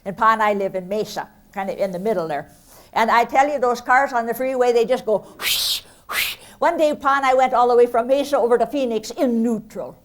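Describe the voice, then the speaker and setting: An older woman from Minnesota, telling homespun stand-up stories with deadpan punchlines on a theatre stage. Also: fairly high pitch, fairly quick, a little hiss or hum. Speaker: comedian. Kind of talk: folksy stand-up storytelling. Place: stage of a performing arts center.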